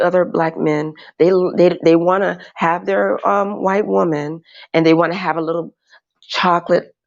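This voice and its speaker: Brief: low, gravelly-voiced woman, slow and hesitant panel guest, dull lo-fi audio. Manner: hesitant, halting with many fillers. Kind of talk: casual chat.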